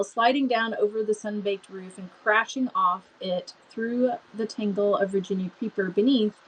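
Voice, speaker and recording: A woman's voice: medium pitch, slightly rough, poor audio. A woman reading a novel aloud expressively, with chatty asides and small stumbles. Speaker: book reader.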